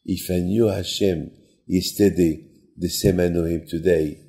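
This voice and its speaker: A man voicing a humble older sage rabbi who answers his host quietly and patiently. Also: sits low, fairly even intonation, measured pace, gravelly, pitched below the performer's own voice. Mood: teaching.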